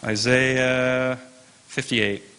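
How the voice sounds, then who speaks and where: A man's voice: medium pitch, little pitch movement, extremely slow, pushed and bright, clean tone. A man teaching an informal Bible class, chatty and wry, tossing asides to his listeners.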